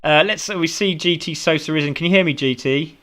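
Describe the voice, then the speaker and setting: A man's voice: a little high, brisk, fairly bright tone. An upbeat British man interviews drivers after a sim race. He hands out praise freely, one driver after another. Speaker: sim racing commentator and interviewer.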